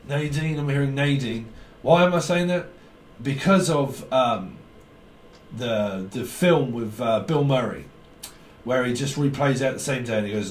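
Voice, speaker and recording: A man's voice: mid-range voice, takes it slowly, long pauses, reverberant, slight background noise. Giggly rambling man. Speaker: tarot reader. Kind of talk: rambling tarot reading.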